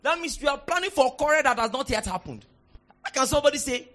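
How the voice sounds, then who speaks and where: A man with a Nigerian accent preaching a sermon, moving from soft asides to shouted declarations. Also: very high voice, lively intonation, fast.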